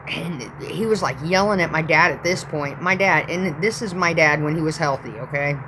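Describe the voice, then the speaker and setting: A woman's voice: low-pitched, moderate pace, background noise. A woman in her thirties telling a rambling, profane story in a casual vlog.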